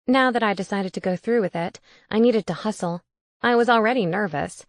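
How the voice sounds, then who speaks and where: A woman narrating a cozy mystery audiobook in an even, soft-spoken way. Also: mid-range voice, brisk, dry recording, clean studio sound.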